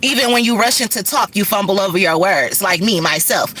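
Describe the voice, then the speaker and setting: Middle-aged woman, rambling casual vlog talk, speeds up and swears freely, bright, forceful tone. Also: medium pitch, slight background noise. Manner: fast-talking, profane, rambling. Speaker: vlogger and rideshare driver. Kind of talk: casual chat to camera.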